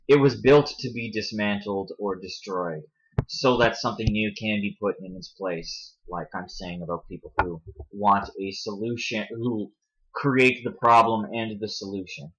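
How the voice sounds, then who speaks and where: A man's voice: lowish voice, a bit bright. Rambling man, dull lo-fi recording. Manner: rambling, self-correcting, stumbles over names. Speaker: commentary video host. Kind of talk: casual commentary over read-out web pages.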